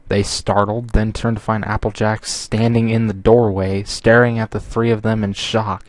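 Low-voiced man reading fan fiction with dry asides. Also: level tone, moderate pace, few pauses, dry recording. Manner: exasperated asides, sighs and laughs.

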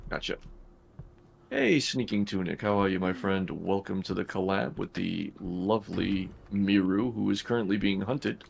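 A man's voice: deep voice, moderate pace, creaky, a little hiss or hum. A man streaming a game, chatting casually, swearing often and talking his partner through the game. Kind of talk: casual gaming chat.

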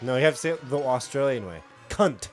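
A man's voice: mid-range voice, animated, rapid-fire, darkish tone, soft background music. A man playing a video game with a friend, teasing her and swearing a lot. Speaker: let's play co-player. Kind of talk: casual gaming chat.

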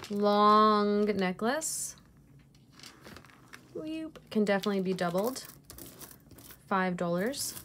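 A woman's voice: medium pitch, slow pace, pauses often, a bit bright, slight background noise. A woman reseller chatting casually through an unboxing, gushing over each piece and laughing at herself. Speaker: jewelry reseller vlogger.

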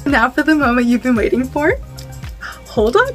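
Young woman, high voice, gushing vlogger energy, soft music under her. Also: big pitch swings, moderate pace. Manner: bubbly and gushing, many fillers and squeals. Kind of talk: casual haul vlog.

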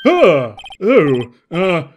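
A man's voice: high-pitched, wildly swooping pitch, extremely slow, soft background music, pitched above the performer's own voice, heavily acted. A man voicing a nervous, evasive male hotel room-service worker in a game playthrough, stammering and overly polite.

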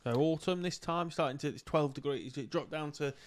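A man's voice: on the high side, fairly quick. Man reading viewer questions on stream. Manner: short reactions and easy laughter. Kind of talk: casual live-stream chat.

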